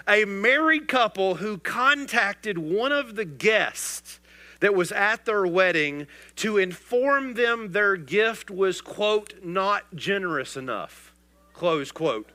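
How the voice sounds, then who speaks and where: Male pastor, sermon delivery, bright tone, call-and-response questions. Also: high-pitched. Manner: rhetorical call-and-response preaching.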